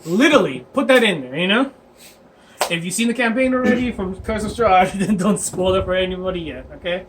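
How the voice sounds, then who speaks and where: Rambling, high-voiced dungeon master. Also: male voice, expressive, brisk, noisy background. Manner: rambling, laughing storyteller with many fillers. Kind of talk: casual chat.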